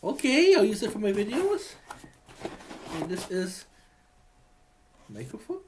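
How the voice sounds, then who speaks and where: Man, chatty vlogger, halting, lots of restarts, very lively pitch, warm terms of endearment. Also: background noise. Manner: rambling, halting, many restarts; affectionate, addresses partner as honey. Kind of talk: personal video message.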